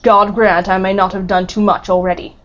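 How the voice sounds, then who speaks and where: A man's voice: high voice, level tone, fairly quick, fairly bright tone. A woman reading an audiobook voices a grave nobleman who speaks in a subdued, earnest way. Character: grave, somber nobleman, low and controlled. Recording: muffled lo-fi recording.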